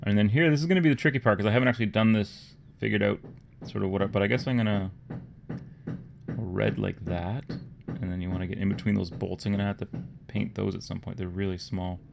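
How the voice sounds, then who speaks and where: A man from Canada with a Toronto accent, hosting a casual livestream, rambling and low-key and often trailing off into quiet murmurs. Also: steady tone, fast, vocal fry, background noise. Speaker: livestream host. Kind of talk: casual livestream chat while painting miniatures.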